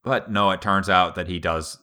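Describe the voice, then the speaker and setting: A man co-hosting a casual podcast chat, animated and excitable, swearing freely. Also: low voice, moderate pace. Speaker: podcast co-host.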